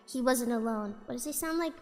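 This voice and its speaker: A woman's voice: on the high side, a little fast, a little mellow, long reverb tail, soft background music. A woman streamer reading a spooky story aloud in a casual way, giggling often and breaking off to chat.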